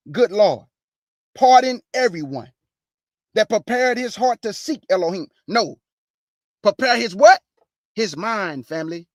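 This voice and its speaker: A woman hosting an informal Bible teaching, reading verses slowly and firmly and breaking in with pointed rhetorical questions in a casual, plain-spoken way. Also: a little high, no echo, studio quality. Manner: casual, plain-spoken, addresses listeners as "y'all".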